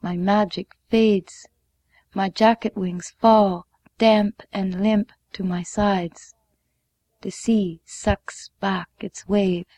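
Slow, measured woman reading a story. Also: mid-range voice, fairly even intonation, no room sound. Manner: measured, deliberate, sometimes hushed. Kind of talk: reading a memoir story aloud.

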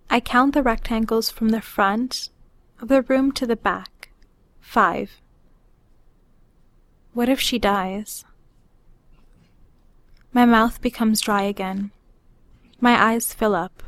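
A woman reading her own personal story aloud in a measured, unhurried way. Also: fairly high pitch, dry recording.

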